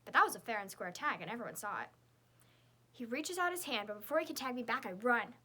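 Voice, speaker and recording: A woman narrating a children's chapter book in the first person, in a lively, girlish storytelling voice. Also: fairly high pitch, fast, breathy edge. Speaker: audiobook narrator.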